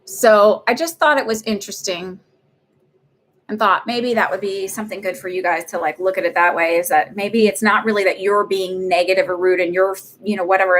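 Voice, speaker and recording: A middle-aged woman hosting a psychic reading livestream, chatting casually and rambling with lots of fillers and laughs. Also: medium pitch. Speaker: psychic medium livestream host.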